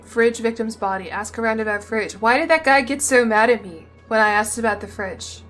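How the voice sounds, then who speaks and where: A woman's voice: fairly high pitch, fairly quick, a bit bright, soft background music. Playful young woman streamer. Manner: chatty, playful, impulsive, often laughing. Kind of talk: casual gameplay commentary.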